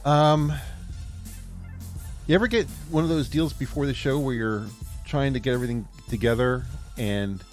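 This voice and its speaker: A man's voice: medium pitch, normal speed, faint music behind. Rambling man hosting a casual stream. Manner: rambling, filler-heavy, laughs at himself. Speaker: podcast host. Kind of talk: casual political chat stream.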